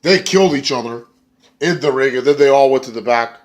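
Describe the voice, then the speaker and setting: Talking briskly, a man gives a loose, excitable take on a wrestling show, cursing and padding his rambling with fillers. Quotes come out in high, squeaky impressions.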